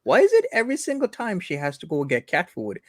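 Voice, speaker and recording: A man's voice: a little high, wildly swooping pitch, fast talker, no echo, clean studio sound. A man hosting a casual commentary chat, wry, reading viewer comments aloud. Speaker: host.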